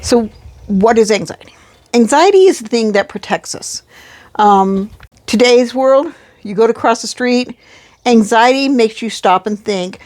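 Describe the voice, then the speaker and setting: A woman co-hosting a casual podcast. She explains things in a measured way and reads from her notes. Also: a little high, animated, darkish tone. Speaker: podcast co-host.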